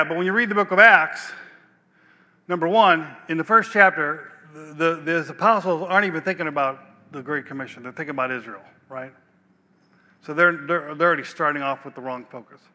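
High, bright-voiced older male preacher. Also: moderate pace, long pauses. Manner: conversational preaching, repeats words and checks in with "right?". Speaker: pastor. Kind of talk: sermon. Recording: long hall reverb.

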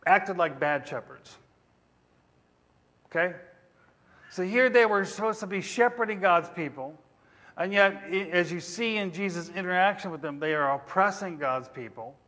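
High-voiced preacher in an echoing hall. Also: male voice, fairly bright tone. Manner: interactive, questioning the congregation. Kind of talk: sermon. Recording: reverberant hall.

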